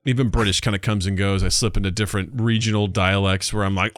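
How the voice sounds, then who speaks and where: A man co-hosting a comedy podcast in casual chat, animated and playful, keeps slipping into silly voices. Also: fairly low pitch, fast talker, no echo, studio quality. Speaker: podcast co-host.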